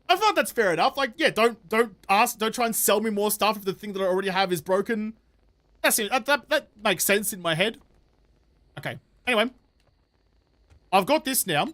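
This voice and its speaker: High-voiced Australian man, rambling streamer chat. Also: fairly bright tone. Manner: chatty, rambling and jokey, with slang and swearing. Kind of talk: casual live-stream chat.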